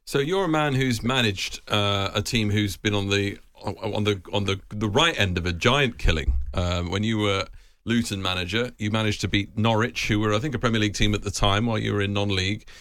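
A man hosting a podcast, asking a guest thoughtful interview questions in a measured way. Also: lowish voice, a bit bright, dry recording, clean studio sound. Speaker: podcast host.

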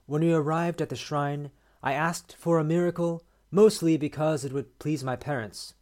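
A man hosting a podcast, reading a short story aloud in a measured, steady way. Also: fairly high pitch. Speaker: podcast host.

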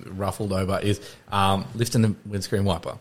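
A man's voice: sits low, flat delivery, normal speed, a crowd in the background. A young man, a comedian guest, telling a childhood story in casual podcast chat and laughing through it.

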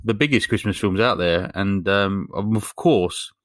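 A man hosting a podcast, recapping a film in a deadpan, sweary, jokey way. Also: fairly low pitch, unhurried, dry recording, clean studio sound. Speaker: podcast host. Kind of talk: casual chat recapping a film.

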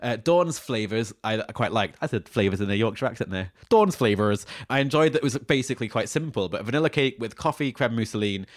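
A man's voice: mid-range voice, fast, few pauses, no room sound. A man co-hosting a podcast in casual chat, dry and teasing with cheeky asides. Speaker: podcast co-host.

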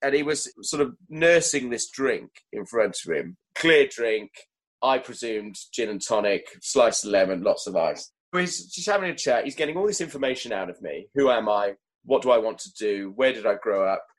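A man, a chef telling stories from his career in a relaxed interview, self-deprecating and often laughing at himself. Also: medium pitch, normal speed, rough recording. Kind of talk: relaxed storytelling in conversation.

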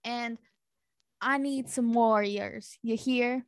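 A woman's voice: a little high, fairly even intonation, no room sound, studio quality. A woman voicing a flirty female elf druid with a put-on Southern US drawl. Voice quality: sultry drawl, drawn-out words. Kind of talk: tabletop role-play.

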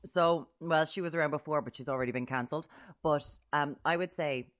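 A woman's voice: sits low, a little fast. An Irish woman co-hosting a podcast, dry and teasing, with emphatic asides. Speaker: podcast co-host, radio broadcaster. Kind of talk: casual podcast chat.

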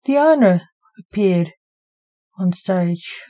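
Slow, mellow-voiced woman reading her story. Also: mid-range voice, expressive. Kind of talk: storybook narration.

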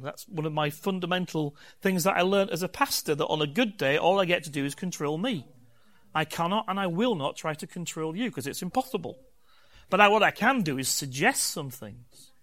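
High-voiced older pastor, conversational sermon. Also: male voice. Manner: candid, warm-hearted, talks with emphatic rhythm and lists.

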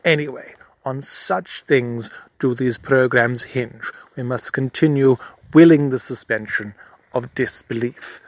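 Slow, pompous male comic narrator. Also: medium pitch, no room sound. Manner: pompous, formal, wordy, dry. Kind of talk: mock-serious comedy narration.

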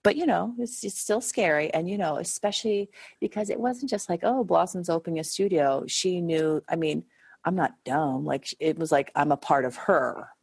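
A woman guest, a pilates studio owner, telling animated stories in a casual interview. She laughs often and swears freely. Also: on the low side, normal speed, creaky, slightly rough.

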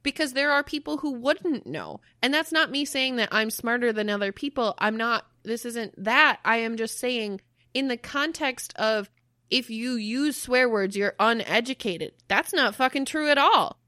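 A woman co-hosting a podcast in casual chat, emphatic, swearing freely and laughing loudly. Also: on the high side, animated, normal speed, no room sound, clean studio sound. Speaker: podcast co-host.

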